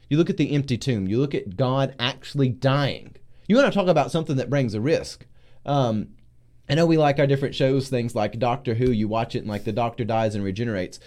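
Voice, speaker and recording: A male pastor with a mid-range voice works through scripture in a casual group discussion. He's animated, acting out biblical figures' voices loudly and slowly for emphasis.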